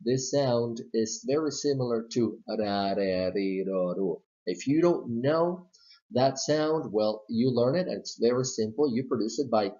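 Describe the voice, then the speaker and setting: Speaking at an unhurried pace with a warm tone and medium pitch, a man gives a slow pronunciation lesson, explaining each step patiently and repeating model words. The lo-fi recording is a bit dull.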